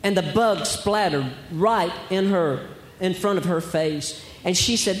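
A man performs stand-up, spinning wry stories and musing rhetorical questions in a high voice. He is captured on a live stage, with a long, roomy hall echo around him and a faint hiss underneath. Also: measured pace. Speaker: stand-up comedian. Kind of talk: stand-up comedy routine. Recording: echoey hall, faint background noise.

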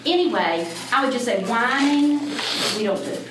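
A woman speaking about Christian parenting in a lively, direct and firm way. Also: fairly high pitch, normal speed. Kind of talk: conversational talk. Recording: very echoey room, distant mic, background noise.

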